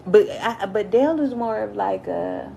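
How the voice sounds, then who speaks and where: A woman vlogger telling a casual storytime rant, animated and profane, her voice jumping high and loud when she gets worked up. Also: a little slow, creaky, slight background noise, low-quality recording.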